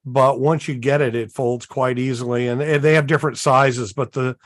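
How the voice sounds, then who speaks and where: A man co-hosting a live radio-hobby show, walking through gear in a folksy, unhurried way with many fillers. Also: mid-range voice, steady tone, dry recording. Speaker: co-host. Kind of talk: casual show-and-tell chat.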